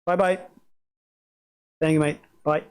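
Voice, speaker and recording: Male gaming streamer, high voice, rambling and excitable, curses freely. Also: slow, clear, resonant tone. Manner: rambling, excitable, swears a lot. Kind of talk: casual live-stream chat.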